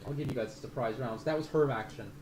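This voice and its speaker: A man's voice: mid-range voice, rapid-fire, darkish tone, slight background noise. A man running a tabletop game as game master, rambling through the rules and swearing casually. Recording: roomy room sound.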